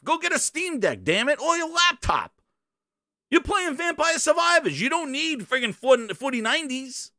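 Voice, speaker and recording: A man's voice: very high-pitched, bright, forceful tone, no room sound, clean studio sound. A man commentating on gaming news, profane and mocking, breaking into theatrical whoops. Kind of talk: reaction commentary.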